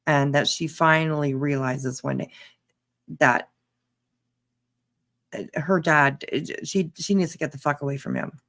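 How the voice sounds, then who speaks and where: A woman's voice: low voice, unhurried, long pauses, a bit bright. A woman reacting to a clip on a live stream, blunt and emphatic, talking straight back at the person on screen. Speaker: commentary streamer.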